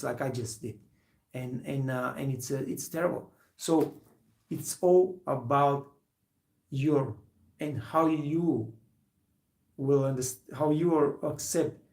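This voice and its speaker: A man's voice: a little high, vocal fry, a little mellow, roomy sound. A man, a hospitality trainer, giving an earnest, rambling motivational talk to young trainees, full of fillers.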